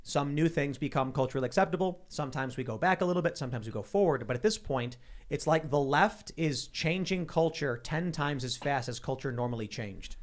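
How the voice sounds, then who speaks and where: A man's voice: a little high, animated, fairly quick. A man hosting a casual panel talk show, telling stories animatedly and acting out quoted people in mocking voices. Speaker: podcast host.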